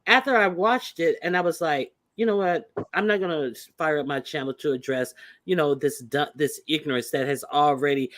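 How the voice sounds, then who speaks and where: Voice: mid-range voice, moderate pace, fairly bright tone, no room sound. A channel host in casual live-stream chat, indignant and insisting on their own honesty.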